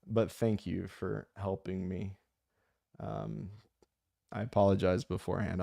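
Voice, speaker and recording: A man with a low, gravelly voice chats straight into the mic, dark in tone and dry in sound. He drifts between passionate rants and joking asides while reading comments from his listeners. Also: no echo. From United States. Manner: impassioned, rambling, jokey. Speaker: audiobook narrator and channel host. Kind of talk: casual chat reading comments.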